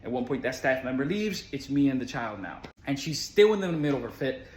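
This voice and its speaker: A man's voice: medium pitch, very animated, brisk, darkish tone, slight background noise. A man who works as school support staff, telling a personal story in an earnest, conversational way with casual fillers. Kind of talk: storytelling monologue. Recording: roomy echo.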